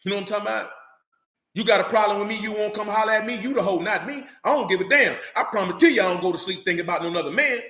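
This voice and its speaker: A man's voice: sits high, very fast, bright, forceful tone, roomy sound, faint music behind. A man preaching a fiery sermon in blunt, profane street talk, hammering his points with repeated lines.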